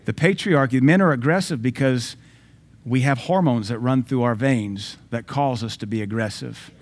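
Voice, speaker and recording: A man's voice: medium pitch, moderate pace. Emphatic male pastor preaching. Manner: emphatic preaching with sudden loud and soft swings. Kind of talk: sermon.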